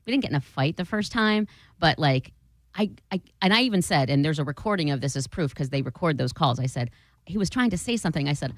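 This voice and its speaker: A young woman tells a long story in casual chat on a studio mic, low-voiced and lively, swearing freely and acting out every line people said. The sound is dry and close, with no room around her. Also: quick pace, no echo. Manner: animated, swearing, acts out quotes.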